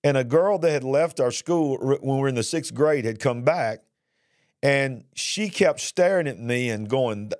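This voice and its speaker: A middle-aged man giving an earnest personal testimony about his past, retelling it slowly and with feeling. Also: medium pitch, a little mellow, no room sound, clean studio sound. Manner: earnest, drawn-out emotional retelling. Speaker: speaker sharing his life story.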